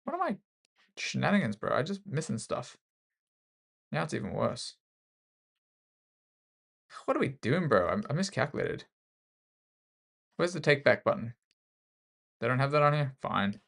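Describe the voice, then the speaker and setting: Gravelly Australian chess streamer. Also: male voice, medium pitch, big pitch swings, a little slow, long pauses, a bit bright. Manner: self-mocking, joking banter with the opponent. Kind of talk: casual live commentary while playing chess.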